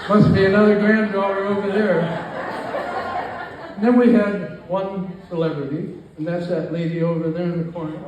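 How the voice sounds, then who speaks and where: A man's voice: sits high, little pitch movement, normal speed, highs cut off, crowd noise. Very old man joking through an echoey party speech. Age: 90s. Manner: joking, rambling, self-deprecating. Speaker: birthday speaker. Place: party room with guests. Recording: far-off mic in an echoey room with faint ambient noise.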